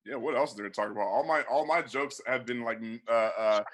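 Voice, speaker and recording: Fast, bright-voiced young comedian. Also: male voice, medium pitch. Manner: loose, profane, laughing at his own jokes. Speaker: stand-up comedian. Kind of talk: stand-up comedy set. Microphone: video call.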